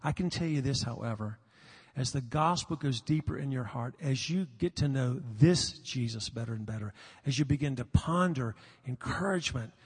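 An older man preaching a sermon, earnest and confessional, sometimes halting on repeated words, recorded live in a large hall. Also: medium pitch, lively intonation, slightly rough. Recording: long reverb of a large hall.

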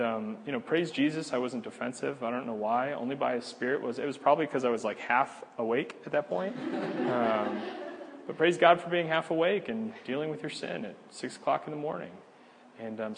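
Pastor, male, husky easygoing teacher, conversational delivery, hall reverb. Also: mid-range voice. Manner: conversational, laughs easily, many fillers and restarts. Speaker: pastor teaching a church class. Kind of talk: casual teaching talk.

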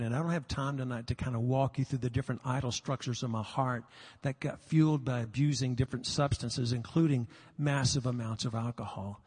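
Husky older man preaching in a hall. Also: medium pitch, darkish tone. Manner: earnest, confessional, halting repetitions. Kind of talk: sermon. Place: live sermon in a large hall. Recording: long reverb of a large hall.

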